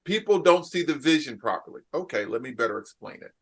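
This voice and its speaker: A man's voice: medium pitch, animated, fast. A man from New Jersey hosting a podcast interview, talking emphatically and repeating phrases for effect. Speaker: podcast host and keynote speaker. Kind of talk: casual interview chat.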